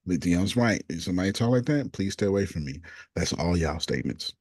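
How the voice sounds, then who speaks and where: A man coaching a group, reading out negative self-talk statements one after another in a deliberate, casual way. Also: deep voice, animated, a little mellow, no room sound, studio quality.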